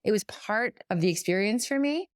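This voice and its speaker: A woman's voice: mid-range voice, lively intonation, a little fast, clear, resonant tone, no echo, studio quality. A middle-aged woman co-hosting a casual podcast, explaining her thoughts earnestly and at length, often correcting herself mid-sentence. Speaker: podcast co-host.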